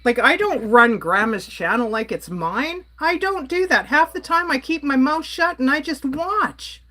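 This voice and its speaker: A woman's voice: high-pitched, expressive, unhurried, pushed and bright. A woman from Canada ranting on a casual livestream, exasperated and blunt while she reads and answers her chat. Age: adult.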